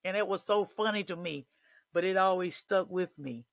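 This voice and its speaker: Male preacher, slightly high voice, dry recording, swells to shouts. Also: moderate pace, vocal fry, dry recording. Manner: rising to shouted declarations. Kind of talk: sermon.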